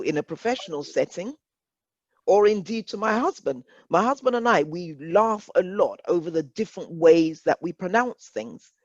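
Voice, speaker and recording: A workshop facilitator with a fairly low voice leads a discussion, speaking earnestly and reflectively and often repeating words as she works through a point. The recording has no echo and a dull, dry, lo-fi quality.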